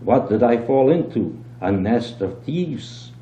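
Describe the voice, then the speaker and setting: Outraged traveling businessman, loud and frantic, voiced by an older reader, dull roomy old tape. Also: medium pitch, animated, slow pace, pitched above the performer's own voice. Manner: outraged, shouting complaints.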